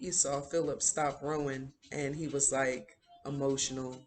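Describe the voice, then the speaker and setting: A woman's voice: low voice, level tone, normal speed, slight background noise. A woman hosting a video who retells a series in a casual, rambling way, with many fillers. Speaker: video host. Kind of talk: casual show recap.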